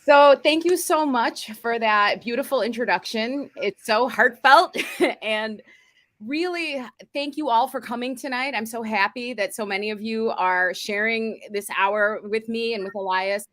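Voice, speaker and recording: Bright-voiced woman author, dry sound. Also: on the high side, a little slow, no echo. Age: 40s. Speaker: author and guest. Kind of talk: casual interview.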